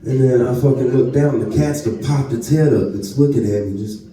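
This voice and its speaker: A man's voice: mid-range voice, fairly quick, mellow, distant mic, a little hiss or hum. A man with a North Louisiana Southern accent doing a live stand-up set, telling crude, profane stories full of asides. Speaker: stand-up comedian. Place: comedy club stage. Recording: echoey club room, voice from off mic.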